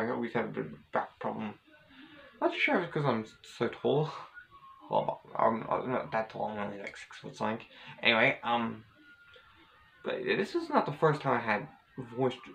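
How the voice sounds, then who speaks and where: A man's voice: medium pitch, creaky, fairly bright tone, a little hiss or hum, rough recording. A man vlogging casually, telling a personal story in a rambling, hesitant way with many restarts.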